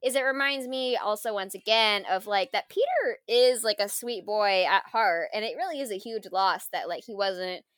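A woman in casual conversation reviewing a film, animated and full of fillers and laughs. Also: medium pitch, normal speed, hardly any pauses, clean tone, no room sound, clean studio sound.

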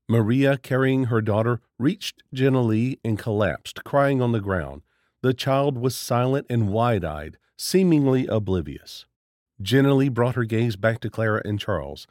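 A man's voice: medium pitch, no room sound. Man narrating a horror story, dry close sound. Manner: steady, dramatic storytelling.

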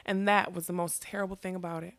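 A woman narrating a fantasy story in a steady, expressive reading. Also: fairly low pitch, fast talker, dry recording. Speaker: audiobook narrator.

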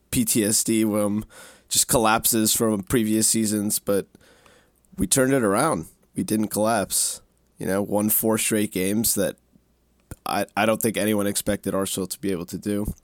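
A man's voice: lowish voice, dry recording, studio quality. A man co-hosting a football podcast, talking eagerly and at length about his team's recent run, often restarting his sentences. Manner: eager, rambling, many restarts. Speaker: podcast co-host. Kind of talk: casual football podcast chat.

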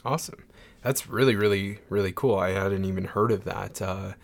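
A young man hosting a casual gaming podcast, relaxed and upbeat, with plenty of fillers. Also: deep voice, normal speed, gravelly. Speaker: podcast host.

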